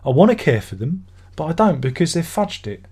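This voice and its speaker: A man's voice: on the high side, very animated, a little fast, darkish tone, slightly rough. A middle-aged man hosting a casual live stream from home, reading out viewer comments and answering in a rambling, sardonic, grumbling way. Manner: rambling, sardonic and grumbling, with mock-exasperated asides.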